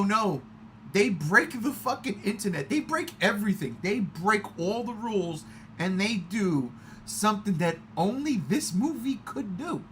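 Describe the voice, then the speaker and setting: A man co-hosting a podcast, chatting excitedly about a movie with frequent swearing and loud outbursts. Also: sits high, slight background noise. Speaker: podcast co-host. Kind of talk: excited casual movie chat.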